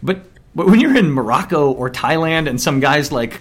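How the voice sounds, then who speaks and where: Animated man ranting in casual chat. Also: fairly high pitch, normal speed. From Minnesota. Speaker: podcast co-host.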